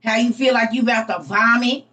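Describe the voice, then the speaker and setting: A woman's voice: fairly high pitch, steady tone, a little fast, sharp tone, recorded from a distance. Laughing, teasing woman with a slangy drawl. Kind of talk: casual commentary on a reading.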